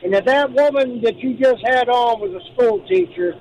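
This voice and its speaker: A truck driver from Pennsylvania phones in from his cab, earnest and restarting his sentences, in a very high voice for a man. Faint road noise hums under the call. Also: normal speed, vocal fry, darkish tone, dull audio.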